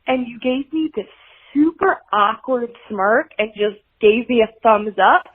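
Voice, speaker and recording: A woman's voice: fairly high pitch, a little slow, slightly rough. A woman leaving a voicemail for a podcast, telling a story in a teasing, self-conscious way. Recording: tinny phone line.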